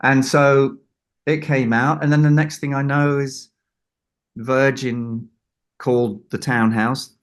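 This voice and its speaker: A man's voice: medium pitch, little pitch movement, slow pace. A man, a record producer, telling a story in an interview and acting out the people he quotes. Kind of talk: anecdote in an interview.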